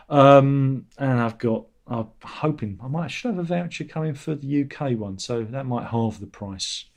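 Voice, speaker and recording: A middle-aged man, hosting a casual livestream chat in a sardonic, grumbling way. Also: a little mellow. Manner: sardonic, grumbling, mocks commenters in a high whiny voice. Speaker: channel host.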